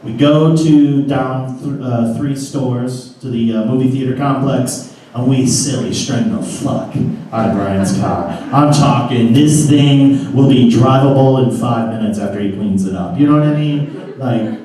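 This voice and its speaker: A man's voice: mid-range voice, unhurried, warm tone, a little hiss or hum. A man telling a comic story about his youth to a live audience, casual and profane. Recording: roomy live room from a distance.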